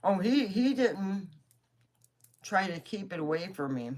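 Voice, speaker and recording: Rambling and chatty, a woman vlogger swears as she shares personal stories casually. Her mid-range voice has a darkish tone, swings widely in pitch, and moves a little slowly.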